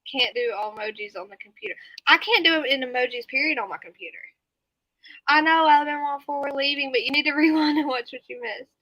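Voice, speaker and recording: A woman's voice: sits high, fast, bright, forceful tone, no echo, low-quality recording. A woman hosting a casual late-night live stream from home, chatting with viewers, laughing and snorting often. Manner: giggly, chatty, reads and answers viewer comments.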